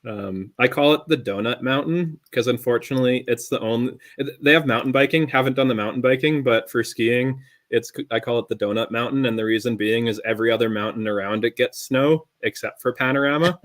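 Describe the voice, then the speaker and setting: An easygoing man from western Canada talks as a podcast guest, often restarting his phrases mid-thought. His voice sits at a middle pitch in a relaxed conversational delivery. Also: a little fast, few pauses. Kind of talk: casual chat.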